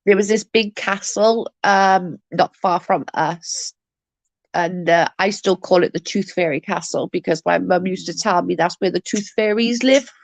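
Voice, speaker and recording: A woman's voice: lowish voice, measured pace, gravelly, dry recording. A woman, telling rambling stories with lots of giggles as she chats with her livestream viewers. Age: 40s. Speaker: livestream host. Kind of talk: casual chat with viewers.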